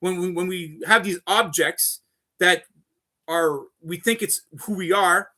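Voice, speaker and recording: A man's voice: sits high, measured pace, bright, forceful tone. A man on a live stream, delivering an unscripted, rambling rant full of swearing, who keeps repeating himself and calling his viewers folks. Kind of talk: unscripted ranting monologue.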